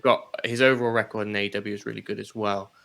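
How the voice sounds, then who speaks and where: Male co-host, bright tense tone, animated casual chat about wrestling. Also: lowish voice, fast, creaky. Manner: animated, laughs, swears casually. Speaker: podcast co-host.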